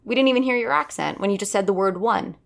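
A woman who works as a voice and dialect coach chats casually and eagerly, her medium-pitched, gravelly voice moving at a quick pace. She's animated and keeps checking in with listeners by saying "right?".

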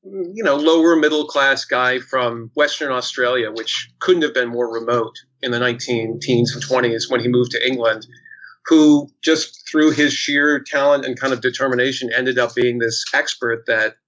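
A man's voice: mid-range voice, fairly even intonation, normal speed, fairly bright tone. Chatty man with a lo-fi sound. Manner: chatty, many fillers and restarts. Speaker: actor guest. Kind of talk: casual chat, storytelling. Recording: dull lo-fi sound.

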